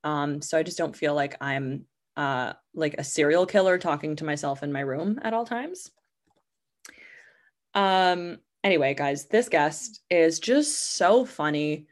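A woman's voice: sits low, lively intonation, unhurried. A young woman hosting a podcast, telling stories in a rambling, chatty way full of "like" fillers. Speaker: podcast host. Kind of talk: casual storytelling monologue.

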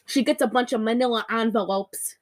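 A woman co-hosting a podcast, chatting casually as she recaps a movie and acts out its lines with big jumps in pitch. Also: a little fast. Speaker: podcast co-host.

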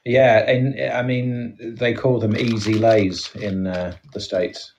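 Host, rambling casual chat, a bit off-mic, dull lo-fi sound. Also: male voice, on the low side, little pitch movement, a little mellow, distant mic, a little hiss or hum. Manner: rambling, halting restarts. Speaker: podcast host. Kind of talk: casual comedy podcast chat.

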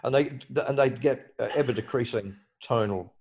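A man's voice: medium pitch, normal speed, darkish tone. An older man with an Australian accent chatting casually, rambling through stories with plenty of swearing and hesitant fillers. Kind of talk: casual chat.

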